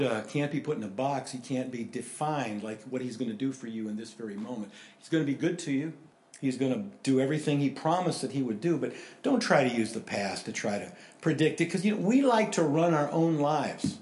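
A man preaching a sermon in a conversational, animated way, swinging between loud emphasis and hushed asides. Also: a little high, roomy sound. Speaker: pastor.

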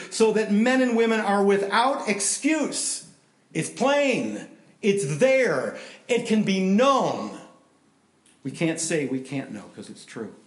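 A middle-aged man preaching a sermon in a lively, conversational way, voice rising for emphasis. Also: on the high side. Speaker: pastor. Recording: roomy echo.

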